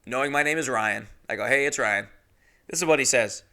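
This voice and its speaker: A young adult man, a podcast host, telling a comedic story alone, indignant and swearing, jumping into high exaggerated voices when he quotes people. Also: brisk, sharp tone.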